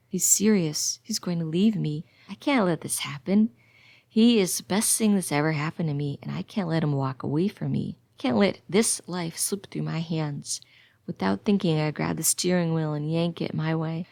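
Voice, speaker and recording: Woman narrating a thriller with gravelly fry. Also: low voice, normal speed, a little mellow, dry recording. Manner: tense, anxious. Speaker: audiobook narrator. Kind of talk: first-person audiobook narration.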